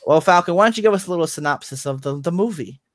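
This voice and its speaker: A man's voice: on the high side, lively intonation, quick pace, no echo, studio quality. A man co-hosting a casual podcast, rambling and restarting as he explains. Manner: rambling, repeats words and restarts. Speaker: podcast co-host. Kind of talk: casual chat.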